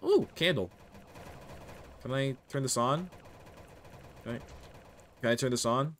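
A man's voice: mid-range voice, unhurried, slight background noise. A young man streaming a game live, chatting casually and joking as he reads his chat aloud. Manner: animated, jokey, reads chat aloud, often laughs.

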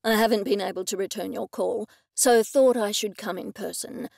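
A woman voicing a distracted, apologetic male police officer who speaks briskly. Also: medium pitch, vocal fry, a little mellow, no echo, clean studio sound. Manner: brisk, offhand, quick.

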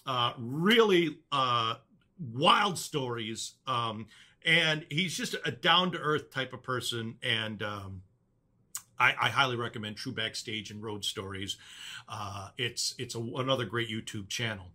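A man's voice: mid-range voice, a little slow, bright, forceful tone. A man hosting his own channel, chatting casually and rambling enthusiastically with many fillers. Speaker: channel host. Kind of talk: casual chat.

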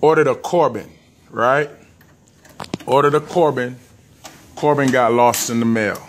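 A man with a Southern US accent chatting casually, telling an animated story among friends. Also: mid-range voice, unhurried, slight background noise. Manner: animated storyteller, acts out quotes. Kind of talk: casual chat. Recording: music playing in background.

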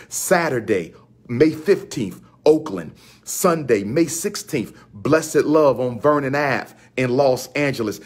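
Man from Philadelphia, husky voice, emphatic rally-style promo, repeats lines like a chant. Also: medium pitch. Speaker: activist promoting his own events. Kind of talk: rallying self-promotional announcement.

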